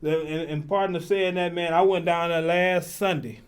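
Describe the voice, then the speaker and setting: A man's voice: a little high, fairly even intonation, moderate pace, smooth. A man hosting a podcast, hyped and playful in casual chat. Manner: hyped, playful, calls people baby. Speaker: podcast host.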